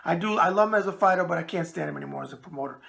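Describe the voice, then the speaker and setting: A middle-aged man with a New York accent hosts a casual boxing mailbag show. His voice is bright and forward, and he talks bluntly and animatedly. He often stumbles over words and laughs at himself. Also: fairly high pitch, very fast, gravelly. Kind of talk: casual video mailbag chat.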